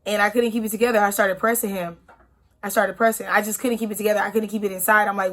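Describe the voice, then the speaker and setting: A woman's voice: mid-range voice, fairly quick, fairly bright tone. Woman telling a raw personal story. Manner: emotional, frank storytelling with many "like" fillers. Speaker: vlogger. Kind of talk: storytime vlog.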